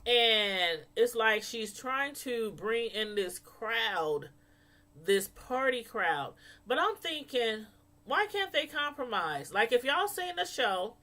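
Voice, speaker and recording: High bright-voiced woman chatting to her viewers about a tv show, laughs a lot. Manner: chatty, laughs a lot, mimics people in quotes. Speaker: vlogger reviewing a reality show. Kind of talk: casual chat to viewers.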